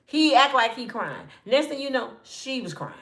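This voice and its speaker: A woman telling a personal story in casual slang, often addressing listeners as y'all and acting out what people said, dropping to a hush or rising with feeling. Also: high-pitched, moderate pace. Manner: animated, acts out quotes with hushed and raised voices. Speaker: storyteller speaking to her audience.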